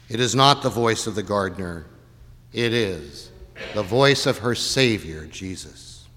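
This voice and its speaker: A male pastor preaching with dramatic swings between hushed and loud. His voice is bright and forceful, and a long hall reverb trails every phrase. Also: medium pitch. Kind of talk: sermon.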